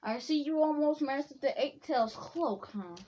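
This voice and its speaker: A woman's voice: high-pitched, lively intonation, normal speed, dark tone, slight background noise, voice pushed up. A woman voicing a cocky young male ninja who claims to be a god, in a boastful, offhand way, on a dull lo-fi recording. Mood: smug.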